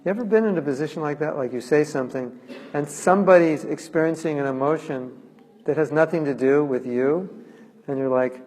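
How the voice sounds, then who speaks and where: A man's voice: fairly high pitch, a little fast, a little mellow, long reverb tail, poor audio. A man giving a devotional talk and retelling a sacred story, acting out the quoted lines. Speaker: lecturer. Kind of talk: devotional lecture.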